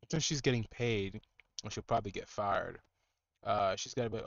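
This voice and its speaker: Blunt scornful low-voiced man. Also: normal speed, creaky, no room sound, dull audio. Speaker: streamer reacting to videos. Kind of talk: mocking commentary.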